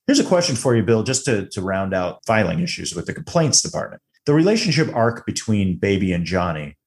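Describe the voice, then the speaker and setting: A man's voice: fairly low pitch, a little fast. A man co-hosting a podcast, chatting casually about a film, joking and acting out quotes as he talks. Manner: animated, joking, acts out quotes. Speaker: podcast co-host. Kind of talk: casual film review chat.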